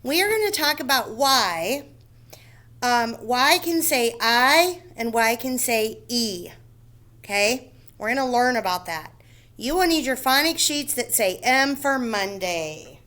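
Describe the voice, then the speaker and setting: A woman with a slightly high voice teaches a first-grade phonics lesson. She speaks slowly and patiently, breaking every rule into small steps. She keeps checking that the children are following her. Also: animated, pushed and bright. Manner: slow, patient, explains step by step and checks with "okay?".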